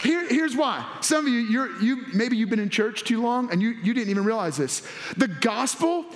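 High-voiced, excitable male preacher. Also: normal speed, crowd noise. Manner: excitable and animated, swinging between hushed and loud, half-laughing. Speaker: pastor. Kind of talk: sermon.

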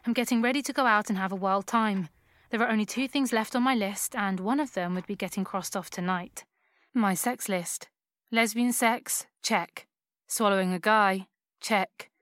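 A woman narrating an erotic audio story in a soft, unhurried first-person reading. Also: medium pitch, dry recording. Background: music.

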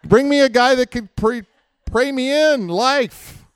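A man's voice: extremely high pitch, a little slow, clean tone, no echo, clean studio sound. A man preaching a conversational sermon as pastor, mixing plain talk with acted prayers and rising to emphatic fervor.

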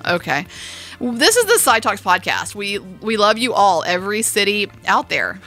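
A woman's voice: medium pitch, big pitch swings, normal speed, music in the background. A woman co-hosting a movie podcast in casual chat, playful and goofy, laughing often. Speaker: podcast co-host.

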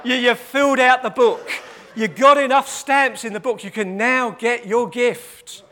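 A man's voice: extremely high pitch, steady tone, measured pace, sharp tone. A man preaching a sermon. He repeats his points for emphasis and acts out the quoted voices.

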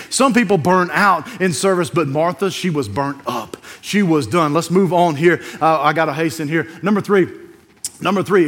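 A man preaching a sermon, animated, acting out scenes and quoting scripture. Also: high-pitched. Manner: animated, acts out scenes and quotes.

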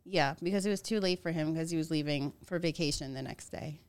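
A woman's voice: low-pitched, brisk, darkish tone, clear, resonant tone. Playful woman on a podcast. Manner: laughing, playful. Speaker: podcast co-host. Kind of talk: casual chat.

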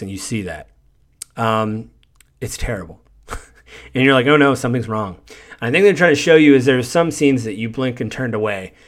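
Male podcast host, mid-pitched voice, rambling casual recap of a game plot. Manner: meandering, conversational recounting. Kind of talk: casual retelling of a video game story.

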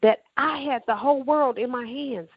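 God speaks with a stern, commanding voice that still reassures, as a woman acts him out in her testimony. The line is lifted higher and stressed hard. The recording is dry and a little dull. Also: normal speed, breathy edge, no room sound, full character voice. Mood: reassuring. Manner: commanding, emphatic, raised pitch. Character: God, stern yet reassuring male divine voice. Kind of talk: acted quote in a testimony.

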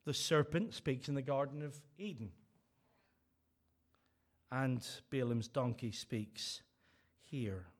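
A man's voice: mid-range voice, slow pace, pauses often. A man preaching a sermon, telling stories and acting out the voices he quotes.

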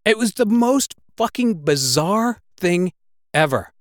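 A man's voice: sits high, lively intonation, slow, no echo, clean studio sound. A man telling a personal story in casual, swear-filled speech. His retelling is breathless and emotional, and he gets worked up as he goes.

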